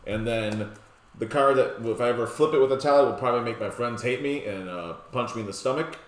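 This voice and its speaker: A man's voice: mid-range voice, brisk. Laid-back man rattling off card lists. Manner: relaxed, jokey, rattles off lists. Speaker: deck tech presenter. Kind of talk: casual card-by-card walkthrough. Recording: roomy echoey room.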